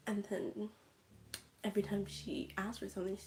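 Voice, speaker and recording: A woman's voice: mid-range voice, fairly even intonation, moderate pace, creaky, background noise. A woman casually recapping a movie on a livestream, chatty and full of "like" fillers. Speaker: streamer.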